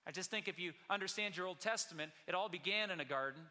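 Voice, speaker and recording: A pastor with a slightly high voice preaches in a bright, ringing, tense tone, earnestly posing rhetorical questions to the congregation and slowing down to press a point. A long reverb from a large hall surrounds his voice.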